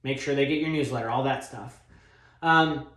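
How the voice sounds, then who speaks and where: Upbeat, energetic man coaching in an echoey room. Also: mid-range voice, normal speed. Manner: energetic, confident, casual with many fillers. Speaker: real estate broker teaching cold calling. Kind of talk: instructional talk with acted phone scripts.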